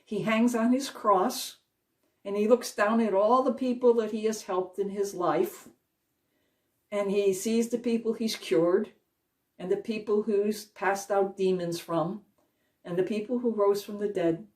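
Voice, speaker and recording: A woman giving a Christian devotional talk, retelling a Bible story in an earnest way and slowing down to stress key moments. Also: mid-range voice, steady tone, darkish tone. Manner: earnest retelling, slows for emphasis. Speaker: Christian speaker. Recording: voice a little distant from the mic.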